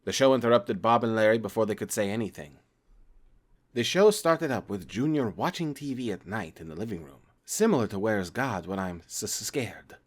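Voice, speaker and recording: Guy reading a creepypasta out loud, plain storytelling voice, trips on words sometimes. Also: fairly low pitch, expressive, normal speed. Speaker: creepypasta narrator. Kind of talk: reading a horror story aloud.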